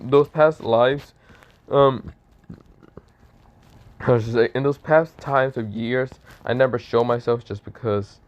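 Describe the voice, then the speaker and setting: A man playing a loud, crude young dragon spirit. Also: fairly low pitch, lo-fi sound, close to an everyday voice. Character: brash young male dragon spirit in a gauntlet.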